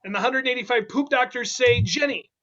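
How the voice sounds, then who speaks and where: A man hosting an online improv comedy game, playful and quick, with laughing asides. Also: extremely high pitch, bright, forceful tone, highs cut off.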